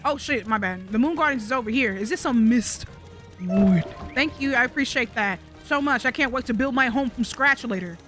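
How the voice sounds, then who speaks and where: High-pitched woman joking through a game. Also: a little fast, a bit bright, faint music behind. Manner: profane, joking, talks back to game characters. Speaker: gaming channel host. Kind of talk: comedic let's-play commentary.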